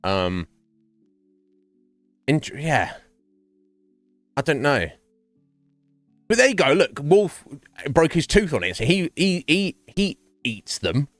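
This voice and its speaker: A man's voice: a little high, very animated, takes it slowly, pauses often, dry recording, faint music behind. A man chatting casually with his stream viewers, rambling, swearing and laughing often.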